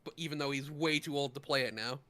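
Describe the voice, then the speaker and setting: A man co-hosting a podcast in casual chat, animated and quick with asides, laughing often. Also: mid-range voice. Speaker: podcast co-host.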